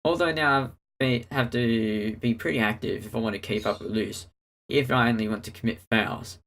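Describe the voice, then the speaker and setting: With a medium-pitched voice at an ordinary pace, this let's player narrates a visual novel aloud. He keeps a steady storytelling delivery while also speaking the protagonist's lines.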